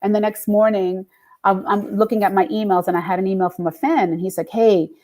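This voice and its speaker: A woman's voice: mid-range voice, quick pace. A middle-aged woman, a singer and radio DJ, telling stories in a casual interview and acting out the voices she quotes. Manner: animated, acts out quoted voices with laughs.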